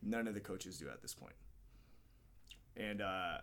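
A man's voice: deep voice, a little slow, fairly bright tone, a little hiss or hum. Candid, swearing man telling a story. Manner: candid, rambling, swears often, acts out quotes. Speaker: podcast guest, MMA fighter. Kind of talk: casual storytelling interview.

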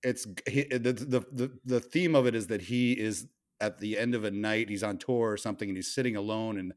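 A man co-hosting a casual podcast chat, telling stories with animated bursts and frequent laughs. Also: fairly low pitch, a little fast. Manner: storytelling, animated, laughs often. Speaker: podcast co-host.

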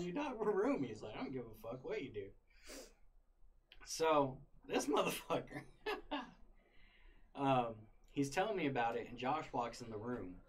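A young man casually retelling a wild story, full of swearing and laughter. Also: mid-range voice. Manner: profane, animated, laughing retelling.

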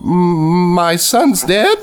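A woman's voice: on the low side, big pitch swings, drawn-out words, a little hiss or hum, pitched above the performer's own voice, heavily acted. A man voicing a startled, stammering middle-aged country woman tending her garden. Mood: shaken. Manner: stammering, frightened.

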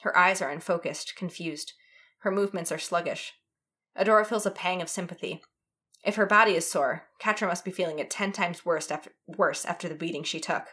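A woman reading fan fiction aloud in an expressive, dramatic way. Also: on the low side, a little fast. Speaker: reader.

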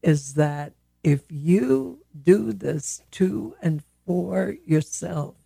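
A woman speaking slowly and gently on a podcast, sharing a simple self-love practice with long pauses. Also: lowish voice, lively intonation, gravelly, slightly rough, no echo, clean studio sound. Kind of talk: reflective spiritual podcast talk.

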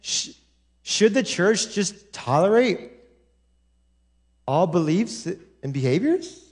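A man preaching a sermon as pastor, repeating lines and building to shouts. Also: high voice, big pitch swings, slow.

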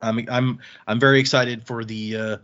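An easygoing man co-hosting a book podcast, chatting loosely and letting his sentences wander off. His voice sits at an ordinary middle pitch. The audio is a bit muffled and lo-fi. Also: little pitch movement, normal speed, fairly bright tone. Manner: easygoing, rambling, trails off mid-sentence. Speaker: podcast co-host. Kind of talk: casual chat.

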